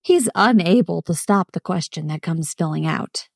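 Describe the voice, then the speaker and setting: A woman reading a fan story aloud in a gentle storytelling manner, smiling as she reads. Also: lowish voice, lively intonation, moderate pace, gravelly, few pauses, no room sound, clean studio sound. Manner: gentle, warm storytelling with a smile in the voice. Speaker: fan fiction reader. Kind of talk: audiobook-style story narration.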